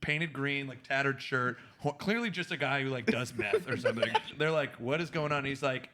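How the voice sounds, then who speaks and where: A man's voice: mid-range voice, moderate pace, bright, forceful tone. A man hosting a comedy podcast, describing a sketch and acting out its characters. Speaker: podcast host. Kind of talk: casual comedy chat.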